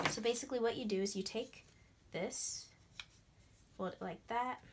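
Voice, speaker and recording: A young woman chatting through a craft tutorial in a bubbly, excitable way, breaking into gasps and squeals. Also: medium pitch, slight background noise. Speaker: craft vlogger. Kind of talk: casual DIY tutorial chat.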